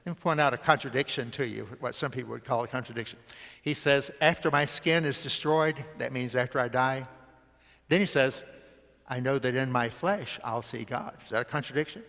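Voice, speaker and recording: Preacher in a reverberant church. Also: male voice, medium pitch, creaky, lo-fi sound. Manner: slows down to read scripture aloud, leads the congregation. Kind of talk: sermon. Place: church service.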